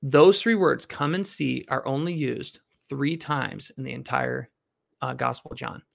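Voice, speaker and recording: A man with a creaky, medium-pitched voice reads a Bible passage aloud slowly. He then teaches on it, explaining in a lively way and putting questions to his class as he goes.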